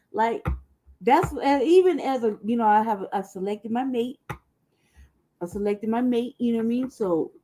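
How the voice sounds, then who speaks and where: This woman from the American South co-hosts a podcast, telling stories in loose, profane conversation and laughing often. Her mid-range voice has a warm tone.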